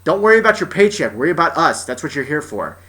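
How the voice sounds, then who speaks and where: A man's voice: fairly high pitch, very animated, quick pace, pushed and bright. A young man telling a personal story as an exasperated, profane rant, often restarting his sentences. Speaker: vlogger.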